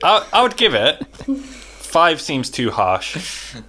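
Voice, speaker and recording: A man's voice: a little high, wildly swooping pitch, slow pace, sharp tone, slight background noise. A young man co-hosting a casual chat podcast, playful and teasing. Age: young adult. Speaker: podcast co-host.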